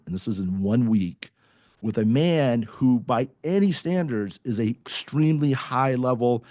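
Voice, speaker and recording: A man's voice: mid-range voice, a little mellow, dry recording, studio quality. A man, a core values coach, telling a personal story on a podcast in a casual way, acting out quoted dialogue with many restarts.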